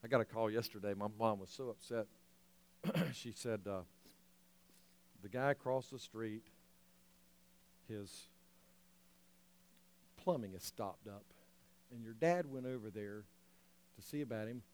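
A male pastor preaching a sermon, swinging from near shouts down to quiet, intimate asides, with organ-like music underneath. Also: fairly low pitch, unhurried, long pauses. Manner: impassioned, rising to near shouts then dropping to quiet intimacy.

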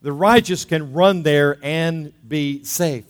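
A middle-aged man preaches with a hoarse, slightly high voice. He is emphatic and repeats key words to drive them home. His voice rings with the long reverb of a big church hall. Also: slow pace. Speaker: pastor. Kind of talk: sermon. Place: church sanctuary.

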